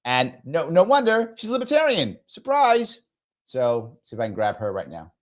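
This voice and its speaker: Animated, lively-voiced male stream host. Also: on the high side, normal speed. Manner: playful, pleading, repeats himself for effect. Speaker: livestream show host. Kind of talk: animated live-stream chat reading viewer comments.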